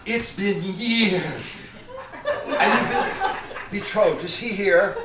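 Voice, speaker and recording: A man plays a fussy, preachy pastor who can barely see, hesitating and fretting as he speaks. His voice sits a bit high and is heard from far back in an echoey theatre. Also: slow. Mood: prim. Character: nearly blind, pious, fussy male pastor. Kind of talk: live stage comedy acting. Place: community theatre stage. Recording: echoey hall, far from mic, noise.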